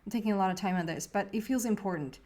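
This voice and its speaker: A woman's voice: mid-range voice, rapid-fire, mellow. A woman giving a casual tarot reading to camera, rambling and earnest, with lots of fillers and restarts, and openly emotional at times. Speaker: tarot reader.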